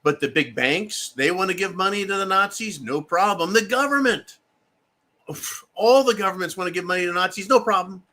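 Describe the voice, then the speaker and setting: Man, American, political commentary rant, bright edgy tone, sarcastic, swears a lot. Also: high-pitched, moderate pace. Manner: sarcastic, profane, mocking.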